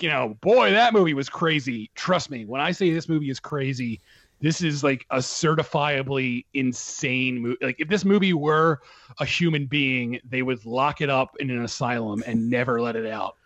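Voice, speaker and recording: A man in a casual film talk, speaking with excited emphasis and frequent laughter. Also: mid-range voice, normal speed, no room sound, lo-fi sound. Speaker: film podcast co-host. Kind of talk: casual chat.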